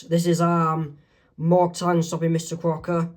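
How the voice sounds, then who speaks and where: Man, comic artist reading his own comic aloud, halting, fillers. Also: a little high, completely flat delivery. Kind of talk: casual storybook reading.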